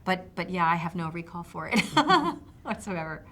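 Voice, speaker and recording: Chatty American actress, low-pitched. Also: female voice, big pitch swings, a bit bright. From United States. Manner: chatty, laughs easily, quick asides. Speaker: actress, interviewee. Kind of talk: casual press interview.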